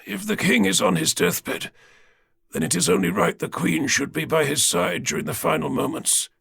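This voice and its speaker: A man voicing a frail, dying old king with a croaky, strained voice. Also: a little high, fairly even intonation, normal speed, a bit bright, dry recording, clean studio sound, voice pushed up, exaggerated voice. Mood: weak.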